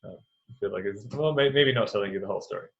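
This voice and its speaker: A man's voice: fairly low pitch, fast, creaky, fairly bright tone. A man running a tabletop game as game master, talking casually and hesitantly. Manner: hesitant, with many fillers and chuckles. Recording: dull lo-fi sound.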